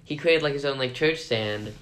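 A man's voice: medium pitch, normal speed, fairly bright tone. A man co-hosting a podcast, chatting casually and making dry, laid-back quips. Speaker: podcast co-host.

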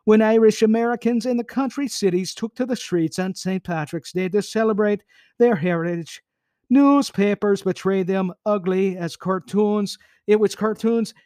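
High-voiced man hosting a podcast. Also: moderate pace, darkish tone, no echo, clean studio sound. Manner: playful, breaks off reading for quips. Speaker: podcast host. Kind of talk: reading history aloud with jokey asides.

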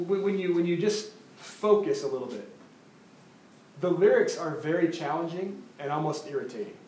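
A man preaching a sermon as pastor, animated, often repeating words as he builds his point. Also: fairly high pitch, reverberant, slight background noise, poor audio.

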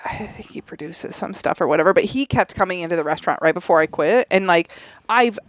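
A woman chatting casually on a podcast, telling an animated story, acting out the voices of the people in it and laughing and swearing often. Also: fairly low pitch, fast talker, no room sound.

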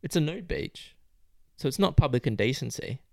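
A young man bantering on a podcast with crude humour. His mid-pitched voice moves a lot and sounds animated. The recording is dry and close. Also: moderate pace, vocal fry, no room sound. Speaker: podcast co-host. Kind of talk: casual chat.

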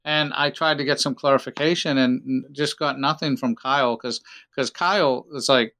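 A man's voice: medium pitch, steady tone, normal speed, sharp tone. A man who works as an actor, telling joking, rambling stories in a casual chat.

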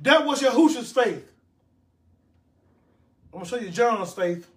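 A man's voice: extremely high pitch, animated, measured pace, a bit bright. A man preaching a sermon, reading scripture aloud and repeating words for emphasis.

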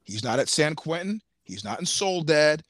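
Guest: man, expressive raconteur, slightly high voice, dry close mic. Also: normal speed, no room sound. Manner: animated storyteller, laughs often, swears freely. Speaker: podcast guest. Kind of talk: casual storytelling chat.

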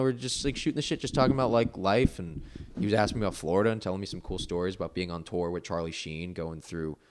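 A man's voice: low voice, clean tone. A young man, a podcast guest, telling a long casual story full of "like" and "you know.". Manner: rambling, filler-heavy storytelling with lots of "like".

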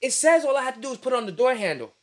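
Young New man, casual podcast host, higher-pitched, swears freely, animated storyteller. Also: rapid-fire. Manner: animated storyteller, profane street slang. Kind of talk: casual chat.

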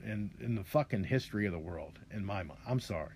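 A man's voice: lowish voice, expressive, a little fast, few pauses, husky. A man hosting a podcast, ranting in a rambling, profane monologue full of restarts and asides. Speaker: podcast host.

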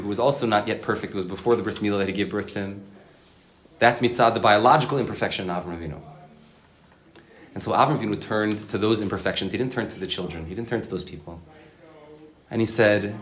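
A man giving a Torah lecture, animated and acting out voices as he explains, with an occasional cough. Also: medium pitch. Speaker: Torah teacher.

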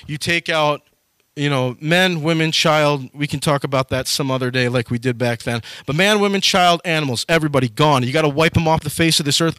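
Animated young preacher, bright voice. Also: male voice, on the high side, no echo. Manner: animated, acts out quoted characters with sudden loud jumps. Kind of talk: casual sermon retelling Bible stories.

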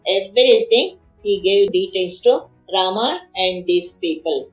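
A woman's voice: medium pitch, measured pace, roomy sound, muffled recording, faint music behind. A woman retelling an epic story in conversation, explaining each verse and acting out the figures' words. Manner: explains verses line by line, acts out figures' pleas.

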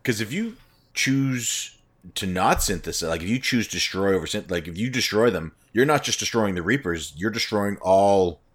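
A young man chatting casually about games, telling stories in a rambling, animated way with fillers and laughter. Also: fairly low pitch, moderate pace, slightly rough. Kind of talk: casual chat.

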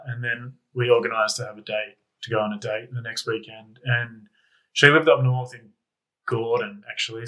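A man's voice: medium pitch, bright, forceful tone, low-quality recording. A young man, casually telling a rambling anecdote as a guest. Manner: rambling, self-correcting anecdote with laughs. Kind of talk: casual storytelling.

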